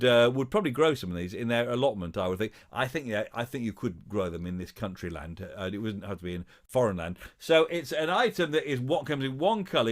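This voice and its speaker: A man hosts a live online quiz, his voice rising and falling a lot as he talks. He chats in a halting, filler-heavy way and plays along with viewers' guesses. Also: medium pitch. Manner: chatty, halting, full of filler sounds; playful, reads out viewer guesses. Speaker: host of a live-streamed show.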